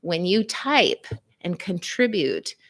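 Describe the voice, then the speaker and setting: A woman who is a physical therapist and psychotherapist, hosting a live-stream wellness talk, greeting viewers and reading their comments aloud in an expressive way that swings between soft and emphatic. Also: fairly low pitch, slow.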